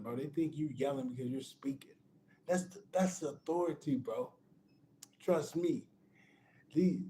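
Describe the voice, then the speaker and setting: A man's voice: fairly high pitch, mellow, a little hiss or hum. Emphatic man giving a spiritual pep talk. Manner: emphatic and repetitive, calls the listener "bro"; restarts phrases and laughs between points. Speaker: spiritual motivational speaker.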